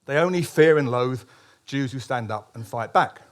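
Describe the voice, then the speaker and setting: A man's voice: mid-range voice, moderate pace. A man, a columnist, giving a public speech at a political meeting, emphatic, with frequent restarts and ironic asides.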